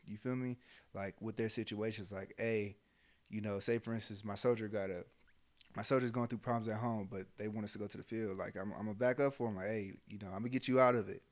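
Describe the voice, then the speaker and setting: A man's voice: fairly low pitch, fairly even intonation, a little fast. A young adult man, a soldier, talking bluntly and heatedly in casual chat, with lots of fillers and swearing. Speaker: army soldier, podcast co-host.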